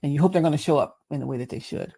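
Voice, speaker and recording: A woman's voice: deep voice, racing, dark tone, husky, no room sound. A middle-aged woman with a Southern US accent, hosting a casual reflective monologue, chatty and playful as she muses aloud. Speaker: host.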